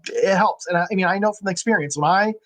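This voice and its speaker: Male nurse hosting a podcast, lightly raised pitch, casual and candid, earnest with some profanity. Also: quick pace, a bit bright. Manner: candid and blunt, swears for emphasis; earnest, speaks from personal experience. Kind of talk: casual advice talk to healthcare workers.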